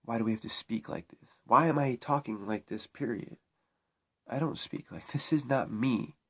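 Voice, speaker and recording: A man talking to camera in a spiritual vlog, preaching in a repetitive, emphatic way with frequent restarts. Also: medium pitch. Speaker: spiritual vlogger.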